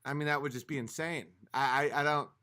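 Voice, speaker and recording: A slightly high, sharp-toned male voice moves fairly quickly with fairly even intonation. He hosts a late-night livestream and, a few drinks in, reads chat aloud during a heated rant full of swearing.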